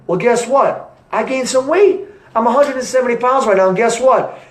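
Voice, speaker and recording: High-voiced young man giving a pep talk. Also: normal speed. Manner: energetic, repetitive pep-talk phrasing. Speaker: entrepreneur vlogger. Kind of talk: motivational talk to camera. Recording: echoey room.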